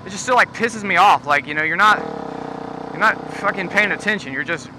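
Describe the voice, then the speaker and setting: A man's voice: sits high, a little fast. A young man vlogging, ranting in a casual, rambling way full of fillers and swearing. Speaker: motorcycle vlogger. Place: outdoors on a street at night. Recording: noisy outdoor street with passing traffic.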